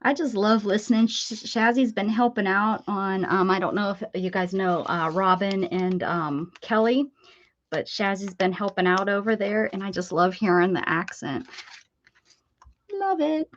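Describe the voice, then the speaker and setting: A woman's voice: mid-range voice, unhurried, lo-fi sound. Chatty woman crafting on a live stream. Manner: chatty and bubbly, greets viewers, loses her place and laughs. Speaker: craft video host.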